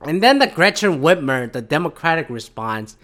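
A man's voice: a little high, big pitch swings, normal speed, fairly bright tone. A man hosting a podcast, from Michigan, ranting casually about politics in a profane, rambling, sarcastic way. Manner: profane, rambling, sarcastic, mocking voices of others. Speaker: podcast host.

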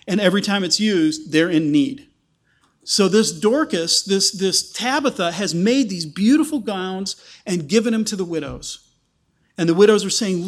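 A man preaching a sermon, explaining a passage and acting out the people in it with lively quoted voices. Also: sits high. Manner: animated, acts out quoted voices.

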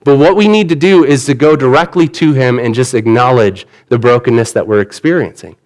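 A man's voice: mid-range voice, a little fast, a little mellow. A man preaching a sermon in an earnest, conversational way, retelling the story in everyday words. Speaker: pastor.

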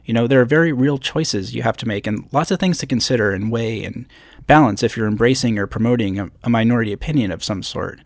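Gravelly-voiced man hosting a solo podcast. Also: mid-range voice, fast talker, no echo, studio quality. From upstate New York. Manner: conversational, self-deprecating asides. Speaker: podcast host. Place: hotel room. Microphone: podcast microphone with pop screen.

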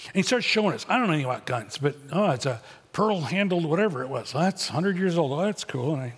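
Husky pastor preaching in a reverberant church. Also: male voice, a little high, expressive, fast talker. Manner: blunt, conversational preaching with humor. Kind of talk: sermon. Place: church auditorium. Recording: long hall reverb.

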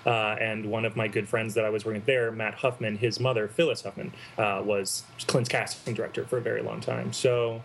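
A man, an actor guest, telling animated anecdotes in a casual interview, laughing as he goes. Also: on the low side, brisk, gravelly, hardly any pauses, a little hiss or hum. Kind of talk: casual storytelling.

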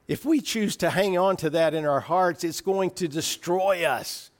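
A man with a fairly high voice preaches an earnest sermon. He talks through the passage plainly, repeating and restarting phrases as he works toward his point. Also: unhurried.

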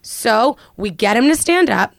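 A young woman co-hosting a podcast, telling a story with lots of fillers and a slightly hoarse voice. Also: on the high side, measured pace, no room sound, studio quality. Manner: animated storyteller, many fillers. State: hoarse after a late night. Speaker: podcast co-host. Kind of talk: casual chat, storytelling.

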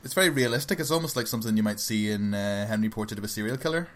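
A man's voice: fairly low pitch, racing. A man co-hosting a casual podcast about films, telling stories in a loose, chatty way. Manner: chatty, relaxed storytelling with fillers. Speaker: podcast co-host. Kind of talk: casual film chat.

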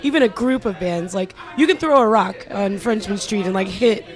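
A woman's voice: mid-range voice, expressive, moderate pace. A young woman from Louisiana, a band singer chatting in an interview, playful and hesitant with lots of fillers. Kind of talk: casual interview chat.

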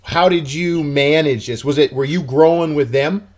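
A man's voice: fairly high pitch, normal speed. A man who coaches, hosting a casual interview and asking long, rambling questions. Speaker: podcast host and coach.

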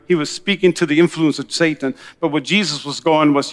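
A man preaching a sermon as pastor, energetic and conversational, calling out to his congregation. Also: on the high side, a little fast, hardly any pauses, long reverb tail.

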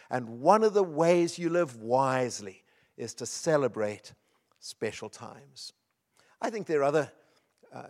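A middle-aged man preaching a sermon, telling personal stories in an earnest, emphatic way. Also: mid-range voice. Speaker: pastor.

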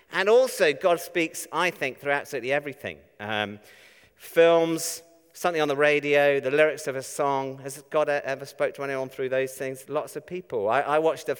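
Man, preacher, conversational sermon, smooth resonant voice, long hall reverb. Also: a little high, a bit bright. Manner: conversational, chatty with rhetorical questions. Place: church. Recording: echoey church hall.

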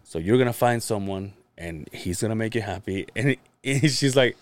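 Lower-voiced man telling a story, laughing. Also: normal speed, no echo. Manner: animated storytelling, laughs often, swears freely. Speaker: podcast co-host. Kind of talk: casual chat.

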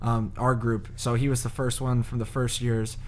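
A man's voice: mid-range voice, flat delivery, moderate pace, a little hiss or hum. A man co-hosting a podcast, telling loose stories in casual chat and laughing often. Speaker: podcast co-host.

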